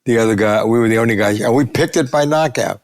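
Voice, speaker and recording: Older male storyteller, gravelly, lively anecdotes with acted-out quotes. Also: mid-range voice, fast, no echo, studio quality. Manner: animated anecdotes, acting out quotes. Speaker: sportswriter guest. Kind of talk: storytelling interview.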